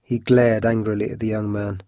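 Male storyteller, steady measured reading, close and dry. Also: on the low side, no echo. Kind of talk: audiobook narration.

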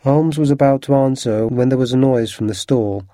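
A man narrating an audiobook with a steady, clear scripted reading. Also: medium pitch, moderate pace, dry recording, studio quality.

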